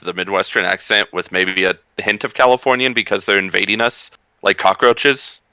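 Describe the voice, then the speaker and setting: Animated man, lowish bright voice. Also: moderate pace, clean tone, no room sound. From Colorado. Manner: animated storyteller, restarts sentences. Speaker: podcast guest. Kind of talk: casual chat with friends.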